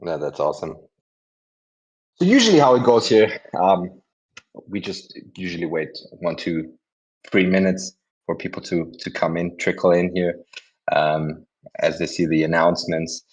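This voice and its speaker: A man's voice: low-pitched, animated, measured pace, long pauses. A man hosting a community talk event, chatty and rambling, often correcting himself mid-sentence. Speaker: host of a community audio event. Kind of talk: casual chat and introduction.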